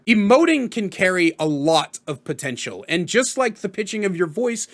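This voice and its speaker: A man giving tabletop role-playing tips in a casual tutorial vlog, energetic and chatty, with offhand swearing. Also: high-pitched. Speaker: tabletop gaming content creator.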